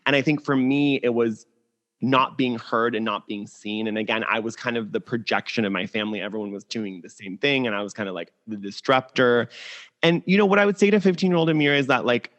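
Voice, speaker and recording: A man's voice: medium pitch, brisk. A young adult man as a podcast guest on a video call, chatting candidly and animatedly with lots of "like". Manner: animated, candid, heavy use of "like". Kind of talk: casual interview chat.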